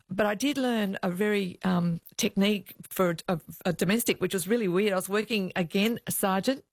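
A woman's voice: lowish voice, no echo. An older woman, a former police officer telling stories in an interview and acting out the voices she quotes. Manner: animated, acts out quoted voices. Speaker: retired police officer, guest. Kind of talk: storytelling in an interview.

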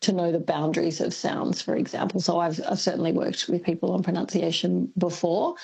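A woman, a linguist guest on a radio show, explaining carefully with frequent pauses and ums. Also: fairly low pitch, flat delivery, gravelly, a little mellow, husky, rough recording. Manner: thoughtful, explanatory, many ums. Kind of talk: radio interview.

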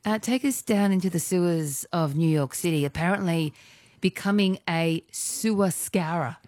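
A woman's voice: on the low side, moderate pace, no echo. A woman co-hosting a casual chat show, bantering and passing segments along. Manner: lively, laughing, hands over segments. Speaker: co-host.

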